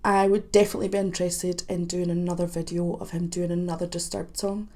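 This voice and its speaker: A woman commenting on a song as a vocal coach, chatty and analytical, with quick asides. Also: lowish voice, flat delivery, dark tone. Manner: analytical, breaks off to sing snippets. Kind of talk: reaction video commentary.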